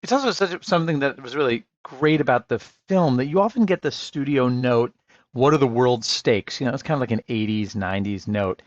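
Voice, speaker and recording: A man guesting on a podcast, talking about a film thoughtfully and haltingly, restarting his sentences. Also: mid-range voice, animated, dry recording. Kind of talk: casual film discussion. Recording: dry, dull lo-fi sound.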